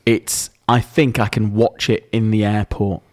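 A man's voice: fairly low pitch, level tone, unhurried. A man co-hosting a podcast in casual chat, jokey and bantering, slipping into voices now and then. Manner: jokey, banters and slips into impressions. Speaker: podcast co-host.

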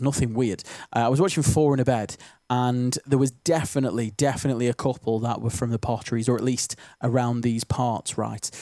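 A man's voice: mid-range voice, mellow, no room sound. A man from Stoke-on-Trent with a local Stoke accent, chatting casually and rambling between songs as a radio DJ in a studio. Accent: Stoke-on-Trent English. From Stoke-on-Trent, England. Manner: chatty, rambling, self-deprecating. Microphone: studio microphone.

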